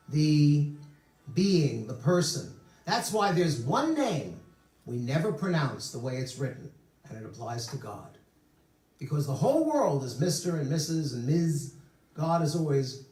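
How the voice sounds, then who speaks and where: A man's voice: a little high, a little mellow. A male rabbi preaching a sermon in a synagogue sanctuary, telling stories with humorous asides, heard from a distance in the room. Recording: roomy sanctuary from far off.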